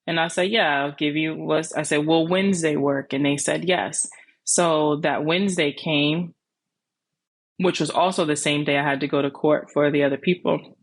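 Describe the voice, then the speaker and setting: Animated woman host telling a story. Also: deep voice, moderate pace, no echo. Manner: animated, retells conversations in quoted voices. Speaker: podcast host; landlord and life coach. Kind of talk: storytelling monologue.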